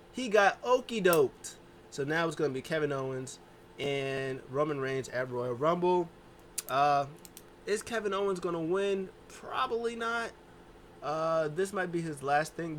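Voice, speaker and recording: A man's voice: a little high, fairly bright tone, a little hiss or hum. A man hosting a casual wrestling recap, rambling through the events and acting out what the wrestlers said. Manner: rambling, acts out quotes in voices. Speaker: wrestling show recap host.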